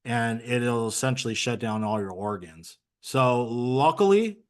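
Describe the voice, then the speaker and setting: As an interview guest, a man with an expressive, mid-range voice tells a candid personal story at a measured pace. He speaks earnestly and conversationally, using plenty of fillers.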